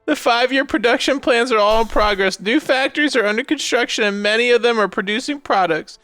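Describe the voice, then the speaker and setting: A man reading the lines of an earnest young male time traveler from a game, in a flat, dutiful way. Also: very high voice, brisk, no echo. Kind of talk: reading game dialogue aloud.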